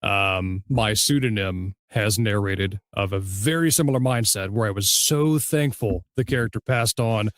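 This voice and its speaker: A man hosting a casual interview, himself an audiobook narrator, who mostly gives short, measured replies. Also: lowish voice, no echo, clean studio sound. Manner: brief agreeing replies, measured. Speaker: podcast host, audiobook narrator.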